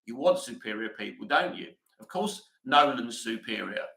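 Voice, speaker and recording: A man's voice: mid-range voice, expressive, moderate pace, vocal fry, sharp tone, echoey room, poor audio. A British man hosting a live stream, reading comments aloud and answering them bluntly in casual chat.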